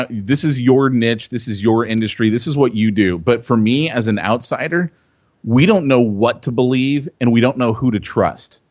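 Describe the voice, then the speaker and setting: Male podcast co-host, animated storyteller, slightly lo-fi dry audio. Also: mid-range voice, no room sound. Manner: excitable, acts out quotes loudly, repeats himself.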